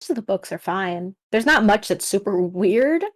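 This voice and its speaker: A woman's voice: medium pitch, expressive, moderate pace, no room sound. A woman game master running a tabletop horror game over a voice call, chatty and laughing easily.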